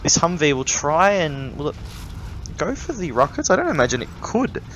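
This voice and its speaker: A man casting a strategy game replay in casual commentary, thinking aloud and breaking into excited exclamations. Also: fairly high pitch, normal speed, muffled recording, slight background noise. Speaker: gaming YouTuber casting a replay.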